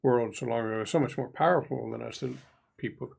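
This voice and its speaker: A man's voice: medium pitch, fairly quick, creaky, darkish tone. A man co-hosting a casual game review podcast, chatty and musing, often trailing into asides. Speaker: podcast co-host, player. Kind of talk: casual discussion.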